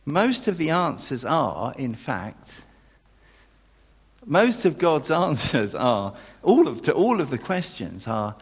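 Lively gravelly-voiced man preaching in a hall. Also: slow pace. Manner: animated, acts out quoted dialogue with pitch jumps, self-interrupting. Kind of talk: sermon. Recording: long reverb of a large hall.

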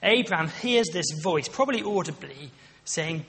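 A man's voice: a little high, moderate pace, vocal fry, fairly bright tone. A man giving a conversational sermon, with frequent restarts and asides. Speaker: preacher. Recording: long reverb of a large hall.

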